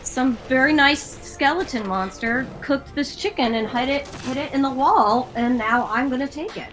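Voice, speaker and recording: Young woman, slightly high voice, wry casual banter, faint game music behind. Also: normal speed, a bit bright. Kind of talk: casual gameplay chat.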